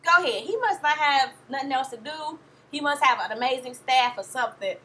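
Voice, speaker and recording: A woman's voice: high voice, animated, brisk, bright, forceful tone. A young woman giving a sassy, blunt, profane vlog review of a reality show, sounding tired. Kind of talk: casual vlog commentary.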